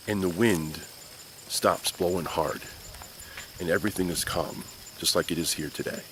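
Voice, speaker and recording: Man, Sunday school teacher, animated storytelling, crickets outside. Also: medium pitch, unhurried, pauses often, a little hiss or hum. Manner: animated, playful storyteller addressing kids. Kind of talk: children's Bible lesson. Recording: faint crickets outdoors.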